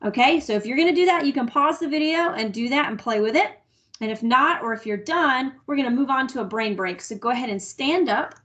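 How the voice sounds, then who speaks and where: A woman's voice: sits high, animated, brisk, fairly bright tone. A young woman teaching an online music lesson for children, talking cheerfully and breaking into sung solfege syllables as she goes.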